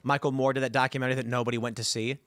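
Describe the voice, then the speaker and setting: A man hosting a casual political panel, telling animated stories and acting out quotes. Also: mid-range voice, rapid-fire, no room sound, studio quality. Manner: animated storyteller, acts out quotes. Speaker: host.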